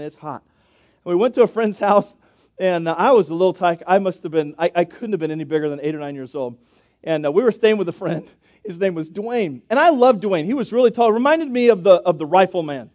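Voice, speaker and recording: High-voiced pastor telling folksy stories. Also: male voice, a little mellow, dull audio. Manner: folksy, chatty storytelling with scripture read slowly. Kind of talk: storytelling sermon. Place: church sanctuary.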